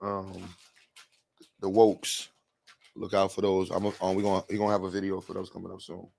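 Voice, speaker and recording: Male livestream host, lowish voice, casual rambling slang-heavy delivery. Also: monotone, moderate pace, vocal fry, a little mellow. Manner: loose, rambling, slangy with frequent laughs.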